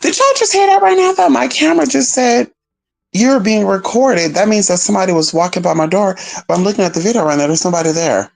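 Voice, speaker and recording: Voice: medium pitch, fast, gravelly, a little mellow. A vlogger telling a story straight to viewers in casual, profane chat, calling them "y'all" and "girl", with nervous, jumpy asides.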